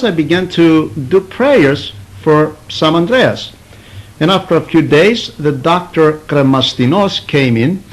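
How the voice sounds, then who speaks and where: A man telling a story in a talk, acting out the people in it with lively shifts of voice. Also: on the high side, low-quality recording. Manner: animated, acts out the speakers in his story. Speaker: priest telling a story of an elder.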